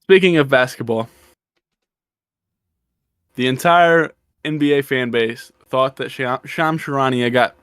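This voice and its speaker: A man's voice: mid-range voice, unhurried, pauses often, fairly bright tone, clear, resonant tone, no room sound. Male sports podcast co-host, laid-back and chatty, dry close mic. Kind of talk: casual sports podcast chat.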